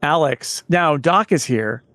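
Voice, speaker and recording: A man hosting a tech podcast, moving the show along briskly. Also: fairly high pitch, lively intonation, bright, forceful tone. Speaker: host.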